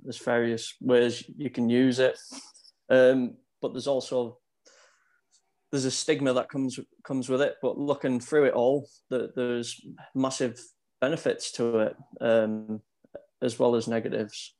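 A man's voice: mid-range voice, level tone, measured pace, darkish tone. A middle-aged British man talking as a guest in a casual podcast chat, laid-back and hesitant with many fillers. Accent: British English.

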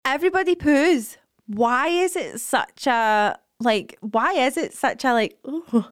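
Very high, lively woman. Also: unhurried, no echo, clean studio sound. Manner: giggly, bursts into helpless laughter. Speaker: podcast co-host. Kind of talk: casual chat.

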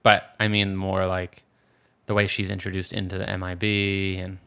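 Low-voiced bright man rambling about movies. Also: completely flat delivery, moderate pace, creaky, smooth. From Philadelphia area. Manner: rambling, frequent restarts. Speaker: podcast co-host. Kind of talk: casual movie discussion.

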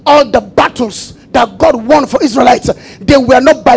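High-voiced preacher, emphatic. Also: male voice, moderate pace, gravelly, few pauses, slight background noise, low-quality recording. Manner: emphatic call-and-response preaching with repetition; shifts between loud shouting and quiet asides. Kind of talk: sermon.

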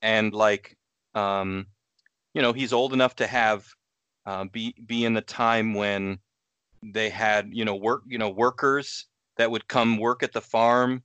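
A man's voice: fairly low pitch, steady tone, measured pace, fairly bright tone, clear, resonant tone, no echo. Rambling man in casual podcast chat. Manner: rambling, many fillers and laughs. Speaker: podcast co-host.

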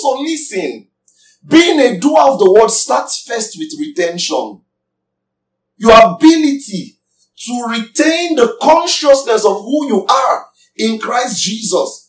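A man's voice: very high-pitched, big pitch swings, slow, recorded from a distance. A man preaching a sermon emphatically, asking his congregation questions as he teaches. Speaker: pastor. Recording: echoey room, voice from off mic.

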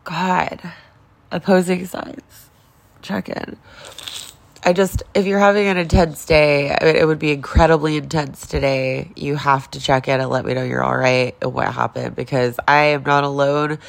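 In a low voice with vocal fry, a forties-aged woman vlogger makes a raw, rambling confession on camera. She's upset and on the verge of crying, and she swears often in this casual vlog.

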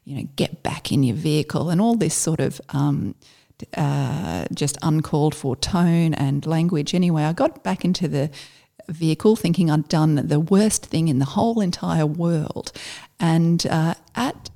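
A middle-aged former army officer tells stories of her army days in a relaxed, conversational manner. Her low, gravelly voice is warm and mellow, and she speaks haltingly with lots of fillers and restarts.

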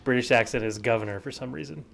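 A man's voice: medium pitch, quick pace, gravelly, fairly bright tone. A man co-hosting a podcast in casual chat, joking and rambling through half-remembered stories. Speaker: podcast co-host.

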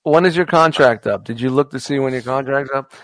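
A man's voice: mid-range voice, fairly quick, a bit bright, no echo. A man hosting a podcast in casual banter, playful, teasing and profane. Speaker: podcast host.

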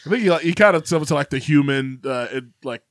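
A man co-hosting a podcast, talking in a halting, filler-heavy casual way. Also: a little high, animated, no echo. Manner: hesitant, lots of uh and like fillers. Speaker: podcast co-host. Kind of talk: casual chat.

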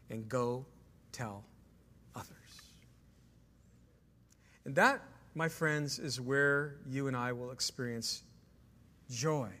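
Bright-voiced male pastor preaching in a hall. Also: on the high side. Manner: emphatic preaching with rhetorical questions to the congregation. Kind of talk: sermon. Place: church sanctuary.

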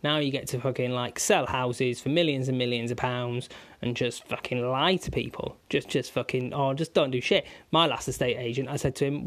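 A man's voice: mid-range voice, a little fast. A man delivering an angry, constantly swearing comic rant, stringing insults together. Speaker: vlogger.

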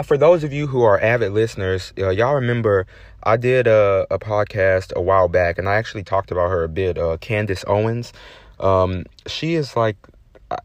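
A young man hosting his podcast, telling a story in a profane, sassy, animated rant. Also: fairly low pitch, no room sound. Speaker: podcast host. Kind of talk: casual ranting monologue.

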